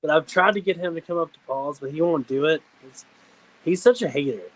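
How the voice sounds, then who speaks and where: A man in casual chat, excitable and profane, laughing often while telling stories about his cousin. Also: a little high, brisk, no echo, poor audio. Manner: excitable, laughs a lot, swears freely.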